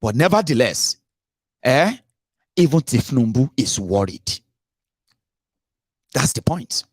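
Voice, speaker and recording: A middle-aged Nigerian-accented man hosts a casual political talk from his home, his voice sitting at an ordinary pitch but leaping up when he gets animated. He fires off rhetorical questions and drops into pidgin, and the recording is close and dry with no room sound. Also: takes it slowly, husky, dry recording. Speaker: radio and online show host.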